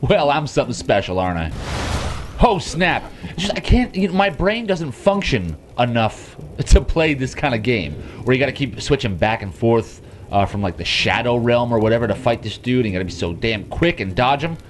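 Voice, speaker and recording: Excitable swearing man playing a game. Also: medium pitch, normal speed, slight background noise. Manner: excitable, swearing, sudden yelps and shouts. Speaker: gamer. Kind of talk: let's play commentary.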